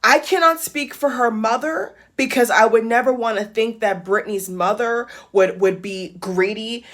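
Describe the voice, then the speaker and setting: A woman's voice: on the high side, measured pace, fairly bright tone. A woman giving impassioned vlog commentary, emphatic and blunt, repeating phrases for emphasis and swearing. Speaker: YouTube commentator.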